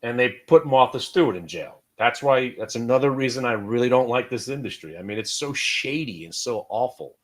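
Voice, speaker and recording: A middle-aged American man hosting a live stock trading room, talking casually and with swings between loud and quiet. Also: mid-range voice, animated, a little fast, few pauses.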